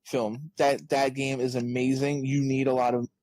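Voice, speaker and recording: A man's voice: medium pitch, normal speed, no echo. A man guest on a podcast, chatting casually as an author and acting out quoted exchanges with lots of energy. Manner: animated storyteller, acts out quoted exchanges.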